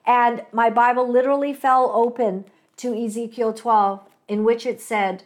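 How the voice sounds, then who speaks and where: A woman host from Canada talks in a casual, meandering way, full of fillers and asides. Her voice sits a bit high for a woman. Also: little pitch movement, normal speed, few pauses. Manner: chatty, storytelling, many fillers and asides. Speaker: talk show host. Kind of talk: casual faith-based commentary.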